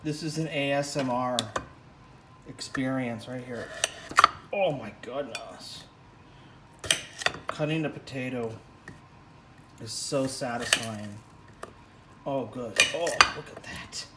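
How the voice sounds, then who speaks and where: A man's voice: mid-range voice, slow, pauses often, heavy background noise. A man making a casual cooking vlog at home, playful and exclaiming over the sounds, sometimes dropping into a whisper. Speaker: father vlogger. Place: home kitchen.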